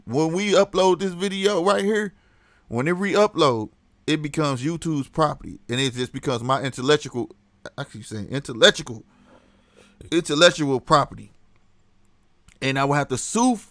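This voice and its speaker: Animated man with a fairly high voice. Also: moderate pace, dry recording, studio quality. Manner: animated, laughs a lot, reads chat aloud. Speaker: livestream host. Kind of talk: casual livestream commentary.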